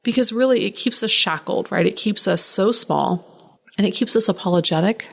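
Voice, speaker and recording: A woman hosting a solo podcast, talking in an animated way, ranting at times and laughing often. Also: medium pitch, moderate pace, vocal fry, slightly rough. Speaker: podcast host.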